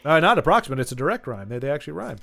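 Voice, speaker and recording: A man's voice: fairly high pitch, big pitch swings, racing, gravelly, a bit bright. Chatty, rambling male game streamer. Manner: rambling, self-interrupting, chatting with viewers. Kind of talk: casual live-stream chat while gaming.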